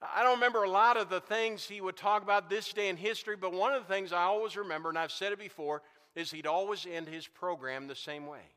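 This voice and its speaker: A man's voice: sits high, quick pace, sharp tone. A man preaching a sermon as pastor, building emphasis with repeated phrases. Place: church sanctuary. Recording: long reverb of a large hall.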